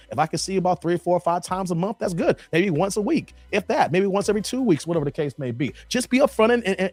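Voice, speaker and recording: Chatty male livestream commentary host. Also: high-pitched. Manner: chatty, reads chat aloud, repeats phrases. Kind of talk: livestream commentary reacting to clips.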